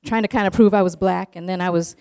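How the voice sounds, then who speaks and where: A woman's voice: on the low side, steady tone, fast, dark tone, smooth. A woman telling a personal story in an earnest, emotional way, in long flowing runs.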